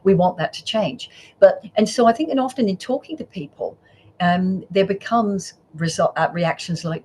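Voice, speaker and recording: A woman's voice: medium pitch, moderate pace, slight background noise. A middle-aged woman psychologist, a podcast guest who tells stories and acts out the voices in them. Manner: warm storyteller, acts out quoted voices. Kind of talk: podcast interview.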